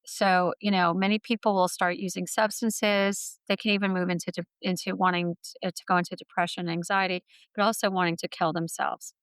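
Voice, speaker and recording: A middle-aged woman speaking as an interview guest, retelling her own story in an earnest, heartfelt manner. Her voice is smooth and resonant. The sound is close and dry. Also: lowish voice, flat delivery, fairly quick, fairly bright tone, dry recording. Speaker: guest author.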